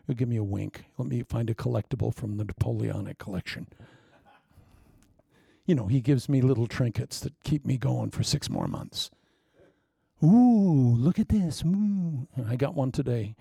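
Gravelly-voiced preacher, wry and dramatic. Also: male voice, medium pitch, moderate pace, no room sound, studio quality. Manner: dramatic swings from loud emphasis to hushed asides; wry, self-mocking humor. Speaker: pastor. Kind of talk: sermon with humorous anecdotes.

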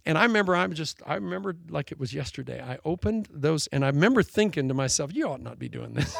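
Gravelly animated preaching man. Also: on the high side, fast talker. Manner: animated storytelling, laughing at his own jokes. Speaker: pastor. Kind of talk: sermon.

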